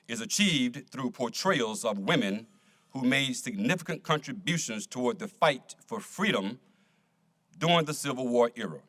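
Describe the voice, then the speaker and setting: Bright-voiced man emceeing an event. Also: medium pitch. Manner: formal announcing. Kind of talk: formal stage introductions. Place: auditorium.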